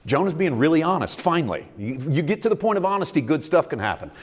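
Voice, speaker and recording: A man preaching a sermon to a congregation that answers him, moving from calm storytelling to loud, emphatic climaxes. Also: on the high side, quick pace, breathy edge. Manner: preaching with congregation call and response. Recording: long reverb of a large hall.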